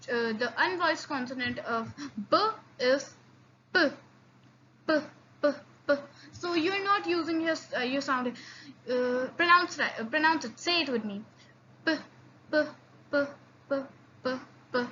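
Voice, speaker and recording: A woman teaching an online language lesson, halting with many fillers and repeats, slowly drilling sounds for learners. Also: sits high, sharp tone. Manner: slow drilled repetitions of sounds. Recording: slightly dull lo-fi audio with faint noise.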